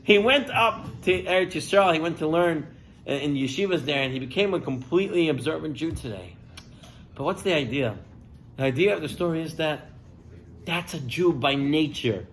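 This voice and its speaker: Animated rabbi telling a sermon story. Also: male voice, a little high, normal speed, slight background noise, rough recording. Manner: animated storyteller, acts out characters' lines.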